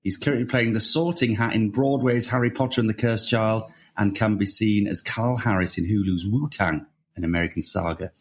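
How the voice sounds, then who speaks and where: Man, low voice, podcast co-host, jokey casual banter. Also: brisk, hardly any pauses, slight background noise. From England, Wakefield. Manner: jokey, self-mocking banter. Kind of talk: casual chat.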